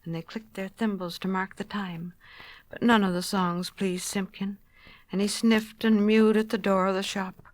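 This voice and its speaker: Gentle woman reading a storybook. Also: medium pitch, moderate pace, no room sound. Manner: gentle expressive read-aloud, dropping to a hush.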